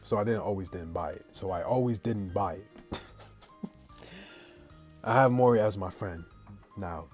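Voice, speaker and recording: Low-voiced male streamer reading a visual novel aloud, with slangy asides to chat. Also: normal speed, a little mellow, soft background music. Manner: plain read-aloud, breaks off into slangy chat to viewers. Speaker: gaming channel host.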